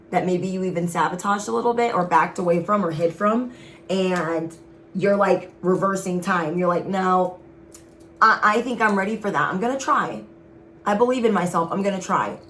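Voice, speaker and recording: A woman with a fairly low voice gives a casual tarot reading to her viewers. She talks to them directly, sassy and emphatic. Faint noise sits under her voice. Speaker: tarot reader.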